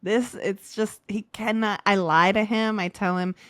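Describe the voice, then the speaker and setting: A woman's voice: mid-range voice, steady tone, clean tone, no echo. 30s woman rambling along in casual chat, lots of "like", laughs easy, dry close mic. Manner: rambling, filler-heavy, quick to laugh. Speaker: comedian guest in couples therapy talk.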